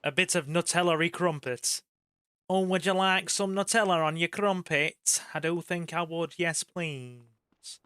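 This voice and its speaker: A man's voice: fairly high pitch, measured pace, pushed and bright, clear, resonant tone, no room sound. A man giving casual let's-play commentary, chatty and joking, swearing casually and talking to his viewers. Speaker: gaming channel host.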